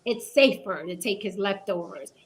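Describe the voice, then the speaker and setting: A woman hosting a heated panel discussion, emphatic and profane, sometimes mimicking men in a low mocking tone. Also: normal speed. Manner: acts out men's voices in a low mocking tone. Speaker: panel host.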